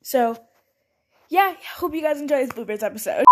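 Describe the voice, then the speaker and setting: A young woman hosts her own casual solo podcast at home, and these are the bloopers. Her voice sits high, with lively intonation, a slightly fast pace and frequent pauses, against heavy background noise. Chatty and scattered, she keeps interrupting herself and starting over.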